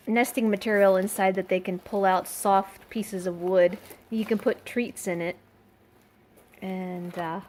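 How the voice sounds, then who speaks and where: Slow-talking woman cooing at her birds. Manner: playful, chatty, coos at the birds in a high sing-song voice. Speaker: bird owner and vlogger. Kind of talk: casual home vlog, talking to her pet birds. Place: at home beside the birdcages, indoors.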